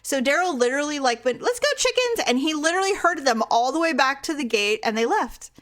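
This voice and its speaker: Animated woman telling a story. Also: high voice, quick pace. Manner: animated storyteller, acts out quotes and animal sounds. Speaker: podcast co-host. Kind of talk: casual chat, storytelling.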